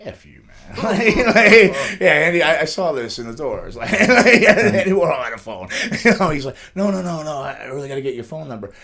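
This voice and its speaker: A man's voice: lowish voice, fairly bright tone. A middle-aged man, a pro wrestler, telling rambling life stories in a casual studio interview. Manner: fast, rambling storytelling with frequent restarts and laughs.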